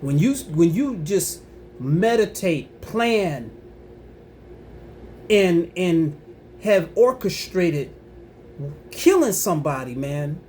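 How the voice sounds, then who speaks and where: High-voiced man preaching in outrage. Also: sing-song, slow pace, pauses often, darkish tone, slight background noise. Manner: emphatic and preachy, with repeated words and angry rising outbursts. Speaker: Christian commentator on his own channel. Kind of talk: impassioned religious commentary.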